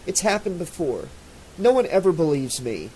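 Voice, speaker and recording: A man voicing a frightened, bitter teenage girl in an audiobook, his pitch raised and strained. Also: big pitch swings, normal speed, warm tone, slightly rough, rough recording. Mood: distraught.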